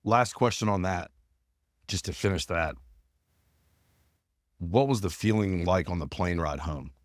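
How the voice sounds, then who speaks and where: A man's voice: sits low, unhurried, no echo, studio quality. A man hosting a podcast who asks brief, prompting questions. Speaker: podcast host. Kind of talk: interview questions.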